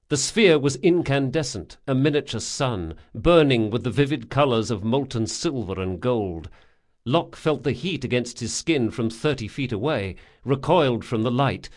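Guy narrating an audiobook, steady dramatic reading, mid voice. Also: mid-range voice. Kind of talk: scripted fantasy narration.

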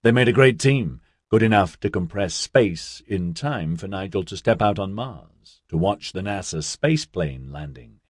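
Male audiobook narrator, low and husky, measured delivery, dry studio recording. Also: animated, no echo. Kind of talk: scripted narration.

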